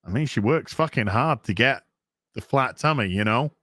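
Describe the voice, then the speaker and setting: An Englishman with a mid-range voice hosts a casual live stream, chatting in an animated, talkative way and reading viewer donation messages aloud. He speaks at a moderate pace, and the recording is dry with a clean studio sound.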